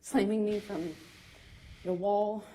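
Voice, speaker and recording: A woman giving courtroom testimony, halting and emotional, with frequent fillers and restarts. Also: medium pitch, steady tone, dark tone. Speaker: witness testifying.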